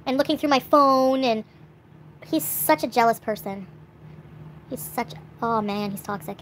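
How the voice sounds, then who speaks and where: A woman's voice: on the high side, steady tone, measured pace, long pauses, a little hiss or hum. A young woman vlogging, venting in an upset, swearing rant with sighs. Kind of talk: angry venting vlog.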